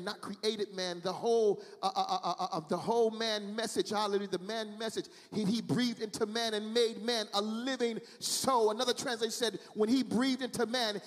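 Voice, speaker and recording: A man's voice: high-pitched, fairly bright tone, long reverb tail. A man preaching a sermon in an emphatic, repetitive, sing-song way, stretching out key phrases. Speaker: pastor. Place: church, also streamed online.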